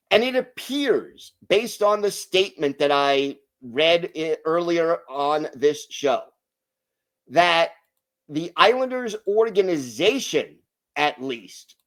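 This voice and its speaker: A male podcast host breaks down hockey news in an emphatic, deliberate way. His voice sits a little high, and he talks at an unhurried pace. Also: very animated. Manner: emphatic, deliberate opinion talk.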